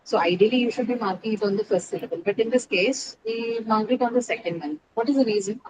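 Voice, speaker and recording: Woman English teacher, online class; methodical, question-and-answer delivery, repeats key words, steady hiss behind. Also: a little high, quick pace. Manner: explains step by step, asks questions then answers them. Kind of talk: online pronunciation lesson. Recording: steady background noise.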